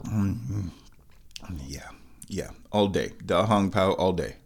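A man hosting a casual vlog, talking slowly and playfully, now and then slipping into high baby talk, a bit stuffy from sinus trouble. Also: expressive, vocal fry, slight background noise. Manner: slow, drawling and playful, with high baby talk to his cat. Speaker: vlog host.

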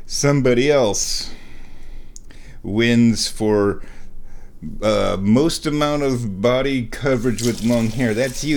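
A man hosting a casual show at his microphone, playful, dropping into high baby talk for his cat. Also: lively intonation, slow pace. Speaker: radio host. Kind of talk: casual chat. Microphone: studio microphone.

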